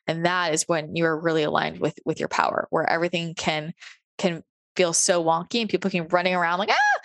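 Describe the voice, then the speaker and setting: A woman's voice: lowish voice, no echo. Earnest chatty woman, dry close sound. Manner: earnest, chatty, many fillers like "like" and "right?". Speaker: podcast host. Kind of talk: casual spiritual podcast monologue. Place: home office. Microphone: home recording on a computer.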